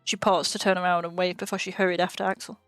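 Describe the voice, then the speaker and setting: A woman's voice: on the low side, little pitch movement, fast, fairly bright tone, clear, resonant tone, no echo, soft background music. A young woman co-hosting a gaming video, reading a visual novel aloud, laughing often and swearing casually.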